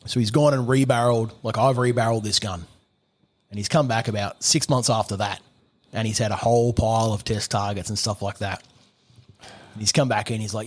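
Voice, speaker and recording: A middle-aged man, a gunsmith telling a story on a podcast, animated, swearing and laughing often. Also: on the low side, fairly quick. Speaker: gunsmith guest.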